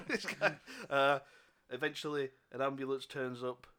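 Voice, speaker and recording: A man's voice: mid-range voice, animated, unhurried, background noise. A man narrating a tabletop game as game master, loose and chuckling with many fillers.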